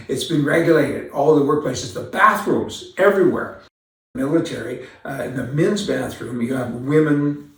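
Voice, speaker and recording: A man's voice: mid-range voice, gravelly. A man hosting an opinion commentary monologue, talking in a rambling, indignant, folksy way. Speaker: commentary host. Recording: very echoey room, far from mic.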